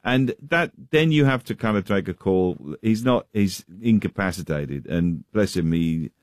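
A man's voice: low-pitched, lively intonation, measured pace, no room sound, studio quality. A man from the of England, a comedian chatting in a radio interview with many restarts and fillers. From West Country, England. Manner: rambling, hesitant, many restarts. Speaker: comedian guest.

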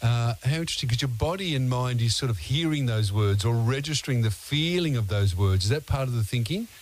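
A man's voice: medium pitch, animated, a little fast. A man hosting an overnight radio interview, asking long, hesitant questions full of fillers. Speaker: radio host.

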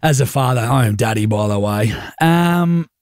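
A man's voice: medium pitch, expressive, normal speed, darkish tone, clean tone, no echo, studio quality. A young man with an Australian accent, co-hosting a radio show and telling a laid-back story. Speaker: radio co-host. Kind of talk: casual radio banter.

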